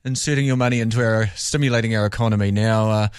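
A man's voice: fairly low pitch, fairly even intonation, fast, clear, resonant tone, dry recording, clean studio sound. A man with a New Zealand accent hosting breakfast radio, bantering in a joking, blokey way. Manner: joking, blokey, says bloody a lot. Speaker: radio host.

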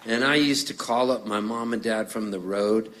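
On stage between songs, a middle-aged singer-songwriter from Canada shares stories in a chatty, joking way and imitates the voices of the people in them. He speaks at a moderate pace in a fairly low voice, against a noisy background.

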